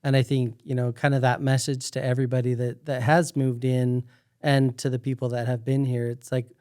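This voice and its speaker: A man's voice: medium pitch, flat delivery, fairly quick, mellow, clear, resonant tone, no echo, studio quality. A man hosting a casual podcast conversation, speaking in an earnest, encouraging way. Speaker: podcast host.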